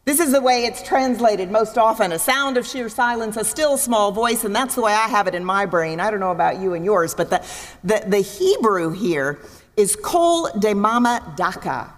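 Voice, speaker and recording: A woman preaching a sermon in a church, expressive, acting out voices and asking her listeners questions. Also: mid-range voice, brisk. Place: church sanctuary. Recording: long reverb in a large hall.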